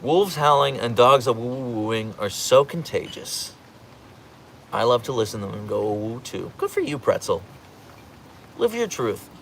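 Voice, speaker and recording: A man's voice: mid-range voice, moderate pace, a bit bright, a little hiss or hum. A man hosting a casual livestream from home, reading out the chat and rambling playfully, slipping into voices when he retells stories.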